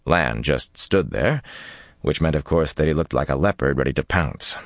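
Deep-voiced guy reading a fantasy audiobook, lively delivery, dry sound. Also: moderate pace, dry recording. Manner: expressive, dramatic storytelling. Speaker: audiobook narrator. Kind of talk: scripted fantasy narration.

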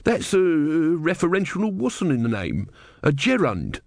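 A man's voice: fairly high pitch, wildly swooping pitch, unhurried, gravelly, no room sound, studio quality, pitched above the performer's own voice, full character voice. A man doing a droning know-it-all old man. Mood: pedantic. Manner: droning, unstoppable.

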